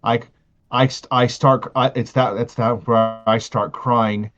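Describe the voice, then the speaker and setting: A man playing his character in a tabletop game, speaking earnestly and haltingly, often restarting his sentences. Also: mid-range voice, steady tone, fairly bright tone, lo-fi sound. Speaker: player.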